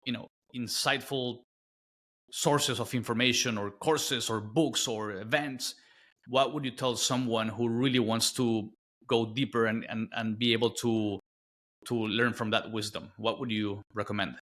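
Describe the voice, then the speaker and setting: A man's voice: medium pitch, steady tone, a bit bright. A man hosting a podcast interview, asking long questions with many restarts. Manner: halting questions with repeated restarts. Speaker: podcast host.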